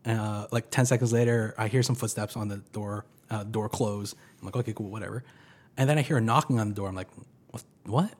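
A husky, slightly breathy man in his thirties tells a story on a podcast. His delivery is laid-back and casual, with dry humor. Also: fairly low pitch, brisk. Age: 30s. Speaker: podcast guest.

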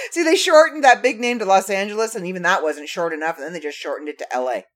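A woman's voice: medium pitch, fast talker, hardly any pauses, soft background music. A woman hosting a casual solo podcast, reading trivia facts aloud with playful, wry asides to her listeners. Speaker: podcast host.

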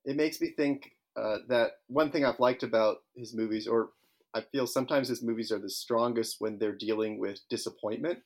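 A man hosting a film podcast, chatting casually with halting, restarting speech. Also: mid-range voice. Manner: halting, frequent restarts and hesitations. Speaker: podcast host.

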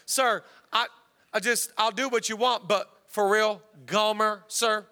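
A man's voice: high-pitched, fairly even intonation, a little slow, bright, forceful tone, clear, resonant tone. A man voicing an exasperated biblical prophet who stammers and pleads in disbelief. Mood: incredulous.

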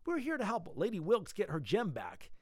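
A man's voice: high-pitched, wildly swooping pitch, normal speed, husky, no echo, clean studio sound, voice pushed up, heavily acted. A man reading aloud and voicing a blunt, annoyed adventurer.

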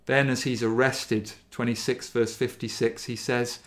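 A man preaching a sermon, reading scripture passages in a measured, earnest way. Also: mid-range voice, little pitch movement, fairly bright tone. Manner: slow, measured and earnest, lingering on key phrases.

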